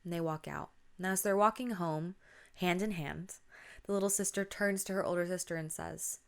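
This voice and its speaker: A woman's voice: lowish voice, steady tone, moderate pace, vocal fry. A woman hosting a podcast, casually retelling a spooky story and dropping to a whisper at tense moments. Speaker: podcast host.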